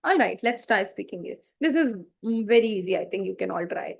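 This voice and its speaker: A woman leads an online public speaking lesson for children, speaking into a computer mic. She is encouraging and chatty, filling her talk with small fillers and saying example lines aloud for the class. Her voice sits at a middle pitch. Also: expressive, brisk, gravelly.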